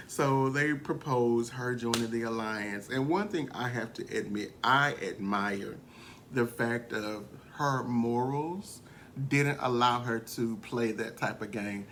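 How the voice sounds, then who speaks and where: A man giving a casual, gossipy recap of a reality show, animated and quick to laugh as he tells it. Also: medium pitch, slight background noise. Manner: gossipy and animated, often laughing, slips into quoting.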